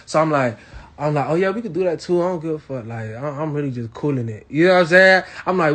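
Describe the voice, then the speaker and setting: A young man from Miami telling a crude story to his live audience, animated and swinging between loud bursts and hushed asides. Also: on the high side, fast. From Miami, Florida. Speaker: livestream host.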